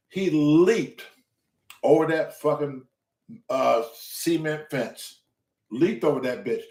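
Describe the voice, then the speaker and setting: A high-pitched man tells a neighborhood story, swearing freely and hammering each point with emphasis. His voice rings out in a roomy, echoey space. He talks as the host of a casual talk show. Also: distant mic. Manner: profane, emphatic and animated. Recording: roomy echo.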